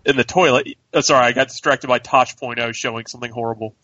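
A man co-hosting a podcast, rambling in casual chat with halting restarts. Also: medium pitch, fairly even intonation, sharp tone, dry recording. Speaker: podcast co-host. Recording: distant dull dry mic.

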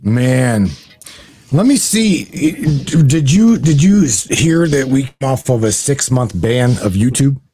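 Husky fired-up male call-in host. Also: medium pitch, lively intonation, slow, mellow. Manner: fired-up, profane, stumbles over repeated words. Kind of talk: casual call-in chat.

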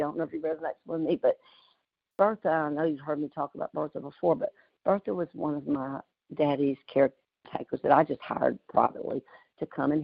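Woman, middle-aged, host of a community call; folksy, emotional storyteller with a gravelly edge, muffled call audio. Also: deep voice, dry recording. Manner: folksy, emotional, often laughing. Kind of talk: heartfelt personal storytelling. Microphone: video call.

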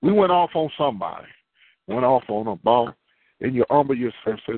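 A man's voice: mid-range voice, very animated, quick pace, breathy edge, dry recording. Preacher man over a tinny phone line. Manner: conversational preaching with call-and-response questions. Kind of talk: sermon.

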